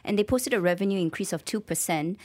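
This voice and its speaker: A woman's voice: mid-range voice, fast, a little mellow. A woman co-hosting a business radio show, reading out facts plainly with a few small slips. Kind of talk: business news radio chat.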